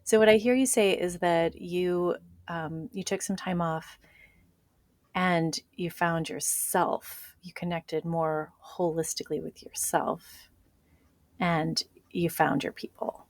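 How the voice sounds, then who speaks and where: Woman host, gravelly voice, dry close sound, reflects the guest's words back. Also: on the low side, fairly even intonation, takes it slowly, dry recording. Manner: affirming, reflects back what the guest says. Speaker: podcast host, physician. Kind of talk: casual interview.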